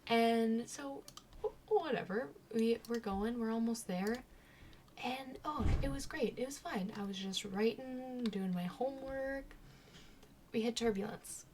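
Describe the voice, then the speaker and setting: A woman's voice: a little high, unhurried, a little mellow, slight background noise. A woman vlogger telling personal stories in a casual, chatty way, laughing at herself often. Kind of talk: casual storytelling.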